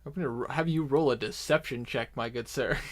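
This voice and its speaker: A man narrating a tabletop game as game master, slow and deliberate, with excited bursts. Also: mid-range voice.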